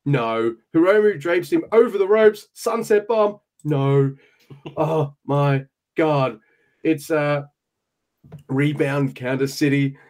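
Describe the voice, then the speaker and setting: A man co-hosting a podcast, recapping wrestling in casual chat with quick play-by-play bursts and swearing when surprised. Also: a little high, darkish tone. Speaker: podcast co-host.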